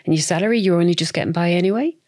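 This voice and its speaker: Woman in her forties, expressive, chatty podcast guest, lowish voice. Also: rapid-fire. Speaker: guest entrepreneur. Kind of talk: conversational podcast interview.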